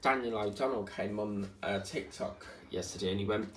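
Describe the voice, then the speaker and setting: A man's voice: fairly low pitch, normal speed. A man vlogging as he does his diamond painting, chatting in a rambling, chatty way. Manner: rambling, chatty, hums and sings snippets. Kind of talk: casual chat while crafting. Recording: echoey room with faint noise.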